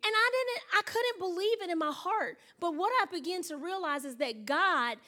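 High-voiced woman preaching a sermon. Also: moderate pace. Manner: animated storytelling, acting out her own thoughts, frequent laughter. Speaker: pastor.

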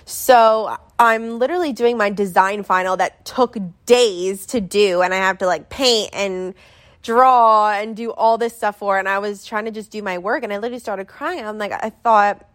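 A young adult woman tells a story in casual chat, rambling and filling it with constant "like". She speaks at a medium pitch and a moderate pace.

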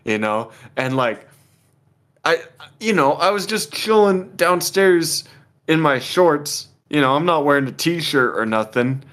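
A man's voice: fairly high pitch, animated, a little slow, fairly bright tone. Laid-back young man telling a story. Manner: laid-back, swears a lot, laughs often. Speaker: podcast co-host telling a story. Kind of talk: casual storytelling chat.

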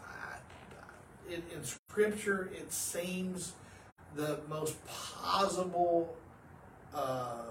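Man, pastor, animated storytelling, echoey room, mic set back. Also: sits high, extremely slow. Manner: animated storyteller, swings from hushed to loud. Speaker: pastor, podcast co-host. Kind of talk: casual religious podcast chat. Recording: roomy, distant mic, faint noise.

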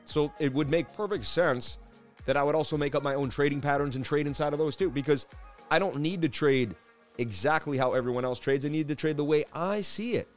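A man's voice: fairly high pitch, a little fast, faint music behind. A man hosting a live crypto market stream, hyped and preachy as he walks through the charts, often calling people "baby.". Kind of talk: live market analysis chat.

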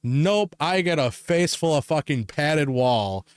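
A young man co-hosting a podcast in casual chat, telling animated stories with lots of swearing and laughter. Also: fairly high pitch, slow pace, clean tone, dry recording, clean studio sound. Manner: swears a lot, laughs often, animated storytelling. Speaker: podcast co-host.

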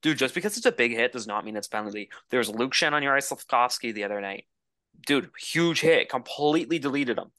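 A man's voice: mid-range voice, animated, brisk, pushed and bright, dry recording. A man co-hosting a hockey podcast in casual chat, emphatic and full of "like" and "dude". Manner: emphatic, filler-heavy, says "dude" and "like". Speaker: podcast co-host.

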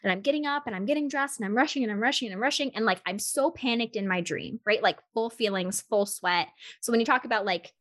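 A young woman co-hosting a podcast who tells a story in a casual, animated way, with constant "like" fillers. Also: a little high, fast. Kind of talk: casual chat.

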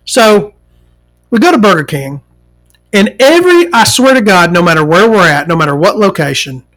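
A woman hosting a casual talk show, ranting in a profane, animated, rambling way. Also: medium pitch, moderate pace.

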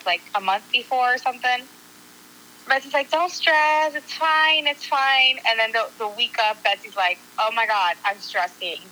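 A woman with a fairly high voice casually tells friends a story, animatedly acting out what people said and swearing offhandedly. The audio is poor, with slight background noise.

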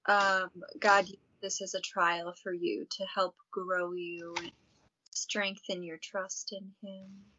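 A woman's voice: medium pitch, flat delivery, takes it slowly, sharp tone, a little hiss or hum. A woman co-hosting a casual podcast, asking pointed questions and laughing easily. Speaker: podcast co-host. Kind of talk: casual chat. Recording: dry muffled lo-fi recording.

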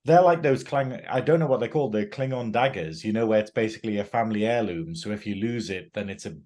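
A man's voice: lowish voice, quick pace, darkish tone. A man from northern England co-hosting a casual TV review chat, enthusiastic, laughing often and acting out the characters' lines. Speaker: podcast co-host.

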